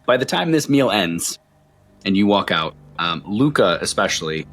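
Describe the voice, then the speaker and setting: A man's voice: on the low side, big pitch swings, moderate pace, a bit bright. A man narrating as game master of a tabletop role-playing game, often stumbling and repeating words.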